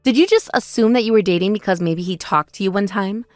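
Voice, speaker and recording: A woman plays a wronged older sister in a text-message story drama, calm and quietly sarcastic. Her voice sits at a middle pitch and stays measured. The recording is dry with soft music underneath. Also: dry recording, close to an everyday voice.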